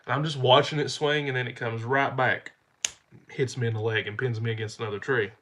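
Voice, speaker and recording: A man's voice: medium pitch, fairly even intonation, brisk, a bit bright, a little hiss or hum. A man telling rambling, folksy stories to his camera while stuffy-nosed from a cold. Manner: rambling, repeats himself, folksy. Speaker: channel host. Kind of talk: casual storytelling to camera.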